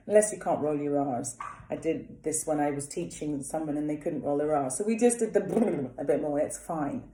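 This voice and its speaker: A woman singing teacher leads a vocal warm-up, chatting casually while demonstrating lip trills and vowel exercises. Her voice is low-pitched and the sound is roomy.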